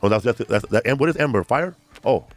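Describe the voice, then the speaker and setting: A male guest in casual chat who jokes crudely and talks in quick bursts full of fillers. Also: medium pitch, expressive, faint music behind.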